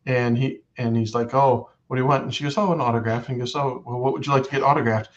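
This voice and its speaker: A man's voice: mid-range voice, steady tone, fast, highs cut off. A man co-hosting a casual fan chat, rambling through stories with many fillers and quoted exchanges. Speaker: co-host of a fan watch-along show.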